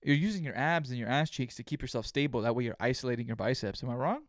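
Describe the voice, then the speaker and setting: A man's voice: mid-range voice, fast talker, no echo, clean studio sound. A young man hosting a solo podcast, telling stories with heavy swearing and acting out his own thoughts. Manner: profane, animated storytelling, acts out his own inner voice. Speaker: podcast host.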